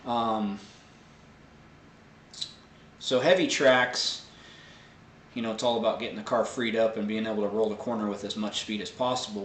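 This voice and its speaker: A man's voice: lowish voice, reverberant, slight background noise. Casual man hosting a tech Q&A. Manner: relaxed, filler-heavy, explanatory. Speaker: host answering viewer tech questions. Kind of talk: casual live Q&A.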